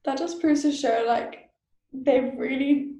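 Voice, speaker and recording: A woman's voice: high-pitched, fairly even intonation, takes it slowly, warm tone, roomy sound. A young woman co-hosting a podcast, reacting in casual chat with incredulous remarks. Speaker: podcast co-host.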